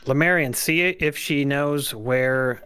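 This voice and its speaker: A man's voice: a little high, takes it slowly, bright, forceful tone, clear, resonant tone, no room sound. A man hosting a tabletop game stream, casually reading out subscriptions and greetings. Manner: casual, announcing donations. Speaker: stream host.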